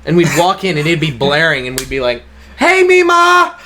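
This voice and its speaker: A man's voice: on the high side, fast, a bit bright, a little hiss or hum. A young man co-hosting a podcast, telling rambling stories in casual chat and laughing often. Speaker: podcast co-host.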